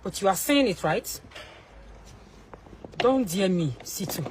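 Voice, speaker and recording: A young Nigerian woman with a Nigerian accent scolds and warns in an angry rant straight to camera, shifting between shouts and low pleading. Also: animated, slow pace, noisy background. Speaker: social media personality.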